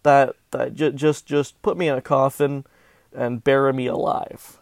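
Hosting a casual sports betting podcast, a Southern Californian man gripes about his bets with animated, melodramatic self-mockery. His medium-pitched voice is flat and unhurried, with vocal fry, recorded without echo.

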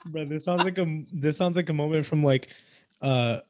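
A man's voice: on the high side, moderate pace, a little mellow, no room sound. A young man co-hosting a podcast in laid-back casual chat. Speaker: podcast co-host.

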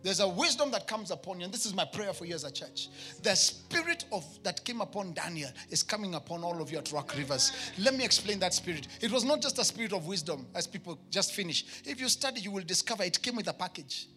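A man with a Kenyan accent preaching a sermon to his church, emphatic, with shouted peaks and comic asides. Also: high voice, very animated, fast talker, soft background music. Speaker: pastor.

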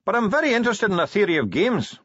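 A man's voice: a little high, sing-song, moderate pace, fairly bright tone, breathy edge, no echo, dull audio, pitched above the performer's own voice, heavily acted. A man voicing a cheerful, polite and shrewd male dwarf who speaks diplomatically.

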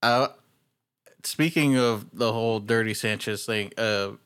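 A man's voice: on the low side, measured pace, a bit bright, smooth. Teasing man cracking crude jokes. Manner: teasing, crude jokes, laughs at own lines. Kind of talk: casual podcast banter.

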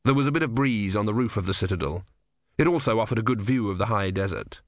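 A man narrating a comic novel as an audiobook, with wry, expressive storytelling. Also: fairly low pitch, fast, no echo, clean studio sound. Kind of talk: scripted narration.

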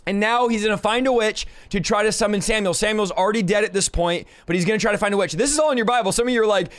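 Guy with a high voice preaching hard on his podcast, fervent, talking right to you. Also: racing. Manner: fervent, exhorting the listener directly. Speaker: podcast host. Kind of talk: preaching Bible teaching.

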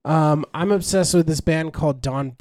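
Upbeat man with a mellow voice. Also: a little high, moderate pace, dry recording, clean studio sound. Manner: enthusiastic, rambling with fillers and restarts. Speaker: podcast co-host. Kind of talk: casual chat.

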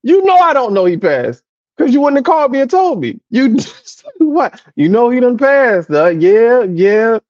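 Animated high-voiced man telling stories. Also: a little slow, no echo, dull audio. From American South. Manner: animated storytelling, mimics relatives, laughs often. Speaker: podcast co-host. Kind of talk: casual chat.

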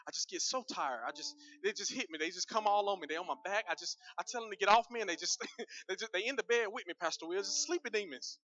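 A man voicing an earnest churchgoing woman who complains in dead seriousness, slightly raised in pitch. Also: fast, pushed and bright, lo-fi sound. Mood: earnest complaint. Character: earnest churchgoing woman fretting about demons.

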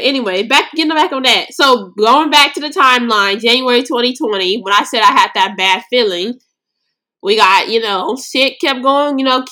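A woman's voice: mid-range voice, pushed and bright. A young woman from Los Angeles hosting a podcast, telling a personal story in a blunt, slangy, emotional way. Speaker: podcast host.

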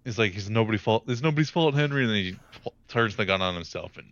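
A young man with a lowish but bright, crisp voice, talking casually and rambling with frequent fillers. He sounds close and dry, with a slightly dull, muffled mic. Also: fast, no echo. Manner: rambling, filler-heavy retelling. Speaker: podcast co-host. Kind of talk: casual chat.

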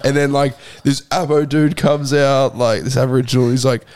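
A man's voice: mid-range voice, steady tone, moderate pace, a little mellow. Rambling man telling a story. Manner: rambling, profane storytelling with many fillers. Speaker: podcast co-host. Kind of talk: casual chat.

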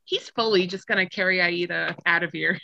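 A woman's voice: fairly low pitch, brisk, vocal fry, pushed and bright, no room sound, highs cut off. A woman player in a tabletop game, blunt and joking, swearing casually.

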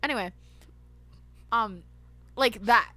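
A woman's voice: on the high side, slow, pushed and bright, dry recording. A woman in casual chat, recapping a movie scene by scene, with loose, profane asides. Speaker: podcast co-host.

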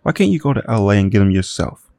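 A man's voice: lowish voice, big pitch swings, fast talker, vocal fry, a little mellow, no echo. A man voicing a jaded, hard-drinking woman private detective with a dry, wisecracking manner. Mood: sardonic. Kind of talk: audio drama.

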